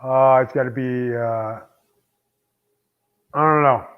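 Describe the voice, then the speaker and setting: A New man speaks as an interview guest, easygoing and a bit hesitant as he guesses. His voice sits at a middle pitch for a man. It comes through a dull, lo-fi call line. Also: steady tone, slow, clear, resonant tone. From New York. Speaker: guest, former wrestler. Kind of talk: casual interview.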